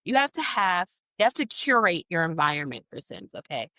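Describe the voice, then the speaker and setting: Lively low-pitched woman podcast host. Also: brisk, no echo. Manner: rambling, animated, self-mocking. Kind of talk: casual solo podcast chat. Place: podcast studio, on camera. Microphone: podcast mic.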